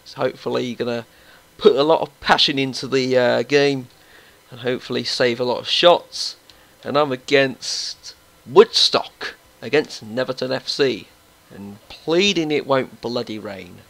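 A young man giving casual, excitable commentary while playing a football video game and talking to his players. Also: medium pitch, unhurried, gravelly, no room sound, rough recording. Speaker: gaming YouTuber. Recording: faint background music.

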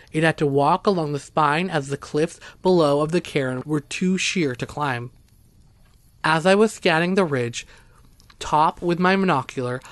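Guy telling a spooky first-person story, kinda high voice, dead dry sound. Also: no echo. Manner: steady, even storytelling, voicing quoted speakers. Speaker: narrator.

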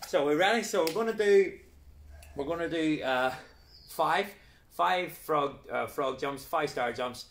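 Male kids' PE coach, slightly high voice, upbeat cueing, roomy echo off a distant camera. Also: animated, unhurried, fairly bright tone, a little hiss or hum. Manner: upbeat, playful, step-by-step cueing. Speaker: children's PE coach. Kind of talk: live exercise class instruction. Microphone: camera set back across the room.

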